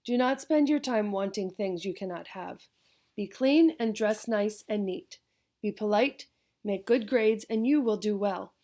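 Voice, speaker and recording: A woman voicing a warm, affectionate older grandmother with a thick Spanish accent, in an audiobook. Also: mid-range voice, unhurried, close to an everyday voice. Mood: earnest. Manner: gentle, affectionate, laughing.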